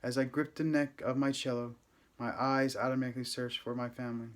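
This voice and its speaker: A man reading a first-person novel aloud, with steady, gentle, unhurried storytelling. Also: mid-range voice. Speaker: audiobook reader.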